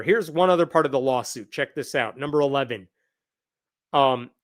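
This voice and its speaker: A man giving commentary on a lawsuit he reads aloud, talking in an indignant, emphatic and sometimes sarcastic way. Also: fairly high pitch.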